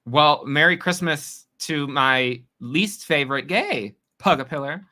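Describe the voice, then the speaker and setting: Streamer guy from New York, bright tone, chatty and teasing with his viewers. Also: on the high side. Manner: chatty, teasing, quick reactions to chat. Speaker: livestream host. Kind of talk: casual livestream chat reading comments.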